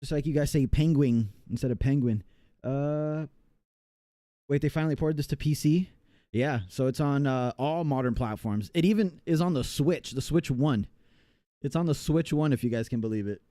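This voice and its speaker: American guy streaming games, chill mellow voice, dry close mic, lots of ums. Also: on the high side, normal speed, dry recording. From United States. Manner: rambling, reads chat aloud, many fillers. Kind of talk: casual live-stream chat.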